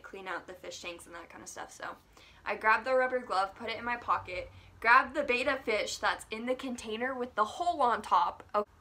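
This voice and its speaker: A young woman telling a personal story in a casual vlog, animated, laughing often and saying "like" a lot. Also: a little high. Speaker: vlogger.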